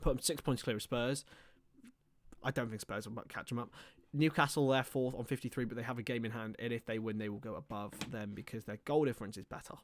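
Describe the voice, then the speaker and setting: A man's voice: mid-range voice, fairly even intonation, quick pace, a little hiss or hum. A young man hosting a live football watchalong, chatting casually and teasing his co-host. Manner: banterful, teasing, explains league rules.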